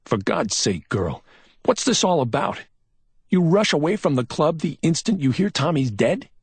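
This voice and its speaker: A man playing a male investigator who presses with patient but insistent questions. The voice is husky, its pitch moving with expression. It is recorded close and dry. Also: very animated, normal speed, no echo, heavily acted. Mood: probing. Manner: probing, gently insistent questions. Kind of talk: audiobook character voice.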